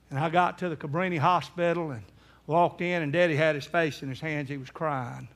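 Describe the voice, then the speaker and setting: A man's voice: a little high, fairly even intonation, brisk. A middle-aged man, an evangelist telling a story in a sermon and acting out the voices of the people in it. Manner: acts out quoted voices, rising to near-shouts in emotional peaks.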